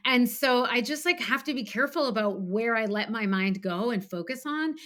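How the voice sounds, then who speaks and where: A woman's voice: on the high side, expressive, moderate pace, a bit bright. Woman author, chatty and filler-heavy. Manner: frequent "like" fillers, acts out her inner voice in bursts. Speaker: author guest. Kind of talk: casual conversational interview.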